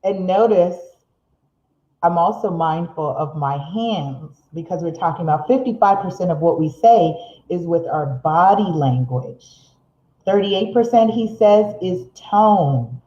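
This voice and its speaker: A middle-aged woman with a fairly low voice sits indoors running a motivational live stream, reading out viewer comments and laughing often. She accelerates when excited and slows to underline points, heard through roomy, slightly dull audio.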